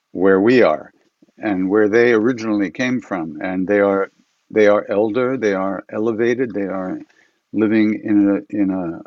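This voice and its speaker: A man who leads chanting, telling stories in a relaxed, rambling way with frequent laughs, from his home for an online event. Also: fairly low pitch, no room sound, highs cut off. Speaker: chant leader. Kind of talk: casual storytelling to an online audience. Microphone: computer mic for an online event.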